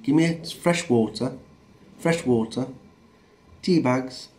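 A man's voice: mid-range voice, slow pace, a little mellow, a little hiss or hum. A middle-aged man with a Northern English accent, rambling in a casual, blunt and sweary vlog. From Northern England. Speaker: vlogger. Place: rural home in a small town.

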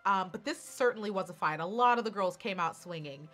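A woman's voice: medium pitch, expressive, a little fast, fairly bright tone, soft background music. A woman giving emphatic, sassy live reaction commentary who repeats her words. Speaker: pageant reactor.

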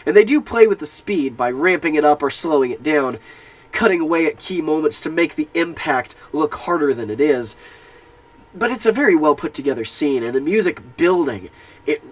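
A man with a husky, slightly breathy voice, pitched a little above most men's, walks through a film scene by scene. His delivery rises and falls in a lively way, and he sounds earnest and reflective as a film commentator. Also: rough recording. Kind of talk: spoken film analysis.

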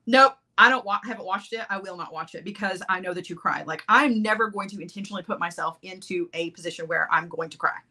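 A woman's voice: lowish voice, fast, hardly any pauses, sharp tone. A middle-aged woman hosting a jewelry-making livestream, chatting casually, reading viewer comments and laughing often.

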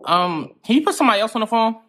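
Young male comic, laid-back and slangy, lively pitch. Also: very fast. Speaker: comedy creator. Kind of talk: comedy sketch.

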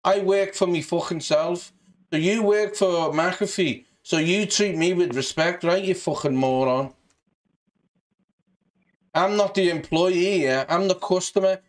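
Scouse man, high-pitched, mouthy and sweary, mock hard man on a prank call. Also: a little slow. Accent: Liverpool (Scouse). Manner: brash, sweary, mock-tough. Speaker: scambaiter.

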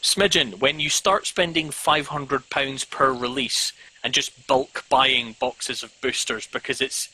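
A man's voice: mid-range voice, fairly even intonation, a little slow, few pauses, pushed and bright, slightly rough, poor audio. A man chatting casually as a guest, rambling with lots of "um"s and self-mocking jokes. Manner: rambling, frequent ums, self-mocking humor. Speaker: podcast guest. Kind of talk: casual video-call chat.

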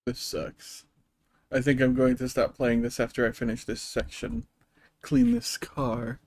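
A young man in the middle of a casual game stream, his voice sitting right at an ordinary middle pitch. He talks to his viewers in a loose, wry way, poking fun at the game and at himself as he plays. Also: flat delivery, normal speed, darkish tone, no echo. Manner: wry, self-mocking asides to chat. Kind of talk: casual gameplay commentary.

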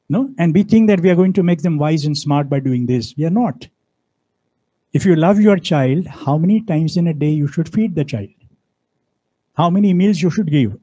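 A man delivers a university lecture. His voice is mellow and husky, and he presses his points hard, stopping often to ask the audience rhetorical questions. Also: on the high side, rough recording. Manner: emphatic, preachy, fond of rhetorical questions. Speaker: guest speaker.

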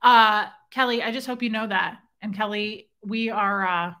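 A woman's voice: medium pitch, normal speed, sharp tone, clear, resonant tone. A young woman hosting a casual livestream, chatting playfully and reading viewer comments aloud, now and then breaking into a snatch of song. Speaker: livestream host.

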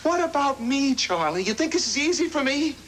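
An exasperated loyal buddy. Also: male voice, extremely high pitch, sing-song, fairly quick, fairly bright tone, a little hiss or hum, full character voice, poor audio. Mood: softened. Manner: exasperated, scolding, then soothing. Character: exasperated loyal male best friend. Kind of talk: 1980s television sitcom acting.

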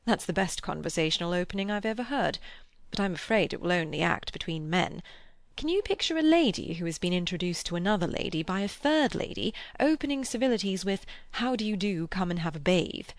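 A woman's voice: on the low side, animated, fairly quick, dry recording. A woman reading as a chatty genial clergyman. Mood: amused. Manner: amused, talkative. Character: genial middle-aged male clergyman.

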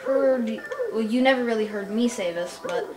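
Rambling let's play host, fairly high voice. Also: female voice, normal speed, background noise. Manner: rambling, hesitant. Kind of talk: casual game commentary. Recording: roomy with game music behind.

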